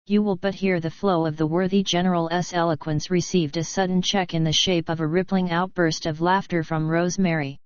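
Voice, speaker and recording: A woman reads an audiobook in a measured, even narrating voice, pitched a little low. Her tone is smooth and clear, recorded close and dry. The sound is slightly dull and lo-fi. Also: no room sound. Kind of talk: scripted narration.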